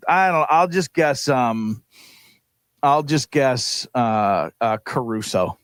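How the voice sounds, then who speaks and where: A man's voice: medium pitch, expressive, takes it slowly, clean tone, no echo. A man co-hosting a morning sports radio show, chatting casually, laughing easily and musing aloud while he guesses.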